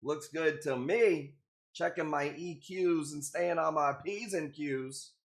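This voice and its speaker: Male live-stream host, slightly high voice, upbeat casual chat, greets viewers by name. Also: takes it slowly.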